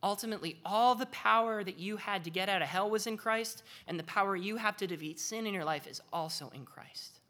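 Bright, animated woman teaching the Bible. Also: mid-range voice, a little fast, hardly any pauses. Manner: animated, conversational, earnest. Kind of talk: devotional teaching talk.

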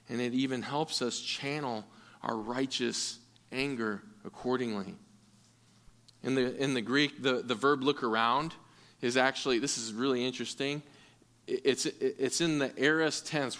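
A man's voice: medium pitch, fairly bright tone. A man preaching a sermon in an earnest way, often repeating words as he restarts. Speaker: pastor.

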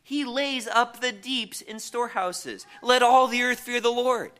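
A man's voice: very high voice, unhurried, bright, forceful tone, clear, resonant tone. A man preaching a sermon, reading scripture aloud and often restarting on repeated words.

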